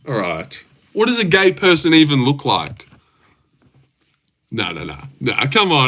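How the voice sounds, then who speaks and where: A man's voice: medium pitch, huge pitch swings, unhurried, long pauses, sharp tone. A young Australian man hosting a casual livestream, reading chat, rambling and swearing with frequent laughs. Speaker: livestream host.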